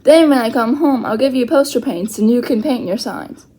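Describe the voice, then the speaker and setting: Woman voicing an excitable young boy, eager, storybook read-aloud, highish voice. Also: normal speed, husky.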